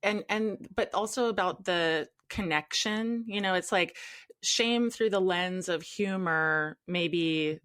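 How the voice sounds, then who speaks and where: Lowish-voiced woman podcast host, hesitant, thinking out loud while asking. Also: slow pace, clean tone. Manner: tentative, thinking aloud. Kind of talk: interview questions.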